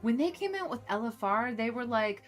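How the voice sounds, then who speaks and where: A woman streamer chatting casually while playing, rambling and animated, full of fillers as she tells a story. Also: on the high side, normal speed, soft background music. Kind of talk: casual gameplay commentary.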